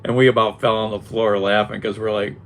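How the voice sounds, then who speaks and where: Gravelly older man, Northeast Ohio accent. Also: fairly low pitch, level tone, a little fast, a little hiss or hum. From Northeast Ohio, USA. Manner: chuckling, wry and sarcastic, rambling asides. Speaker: vlogger chatting with live viewers. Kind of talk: casual live chat.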